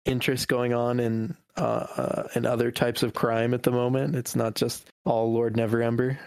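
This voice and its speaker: Man, gravelly voice, rambling, hesitant, dry sound. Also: mid-range voice, flat delivery, normal speed, darkish tone, no room sound. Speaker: player. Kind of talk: casual tabletop play.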